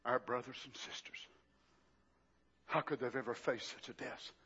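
An older man preaching a sermon. He swings from shouted, drawn-out exclamations to hushed, low passages. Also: fairly even intonation, slightly rough, dull audio.

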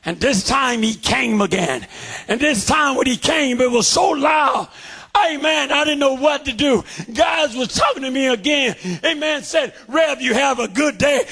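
High, raspy, shouting preacher man. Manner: fervent, shouting, preacherly cadence. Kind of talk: shouted revival sermon. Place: church sanctuary.

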